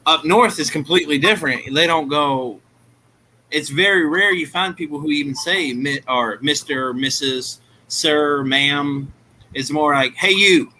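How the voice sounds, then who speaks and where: A man's voice: fairly high pitch, measured pace, bright, forceful tone, slight background noise, rough recording. A man from the northern United States hosting a casual chat, blunt and outspoken, often restarting his sentences. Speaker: streamer host.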